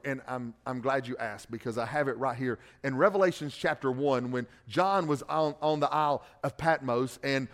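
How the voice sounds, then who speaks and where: A man, a pastor, preaching a sermon. He swings between loud emphatic passages and quiet conversational asides, and repeats words when he restarts a phrase. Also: mid-range voice, moderate pace, few pauses, big-room sound.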